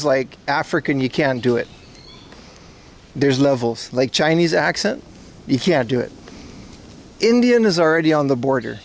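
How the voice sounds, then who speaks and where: A man hosting a casual livestream outdoors on the street, rambling and chatting with his viewers as he walks. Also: on the high side. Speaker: livestream host. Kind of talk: casual livestream chat while walking. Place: outdoors on streets and at a shrine in hot weather.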